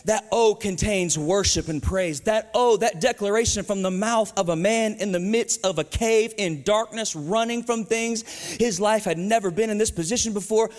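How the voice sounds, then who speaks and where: A man preaching a lively sermon as pastor, calling out to his church. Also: high voice, normal speed. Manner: energetic, call-and-response preaching with southern slang. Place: church sanctuary. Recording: live church hall with long reverb.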